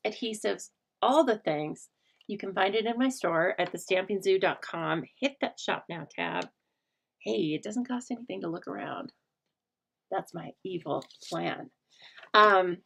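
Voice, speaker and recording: A gravelly, mid-range female voice carries this casual craft demonstration. A middle-aged woman hosts the livestream, chatting loosely with the people watching live and laughing often.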